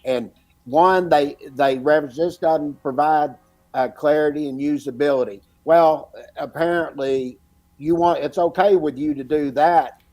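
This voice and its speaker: Man co-host, fairly high-pitched, indignant rant tone, casual podcast. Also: unhurried, darkish tone. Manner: indignant, ranting about double standards.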